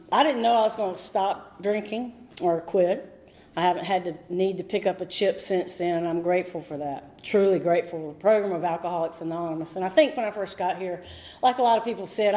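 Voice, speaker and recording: A middle-aged North Carolina woman with a fairly low, mellow voice talks at a recovery meeting in a meeting room. Sharing her personal recovery story, she is candid and a little rambling, emotional at times.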